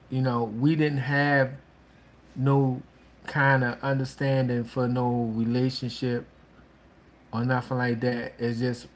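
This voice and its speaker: A man talks about relationships in a slow, unhurried drawl, stopping and restarting his sentences as he goes. His pitch is mid-range and his advice sounds frank and casual. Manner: slow, halting, with many restarts and "you know". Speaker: relationship talk host.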